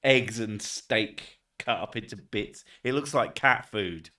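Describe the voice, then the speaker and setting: A man's voice: lowish voice, slow, bright, forceful tone, recorded from a distance. A man streaming live, chatting casually, swearing often and laughing between rambling thoughts. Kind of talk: casual livestream chat.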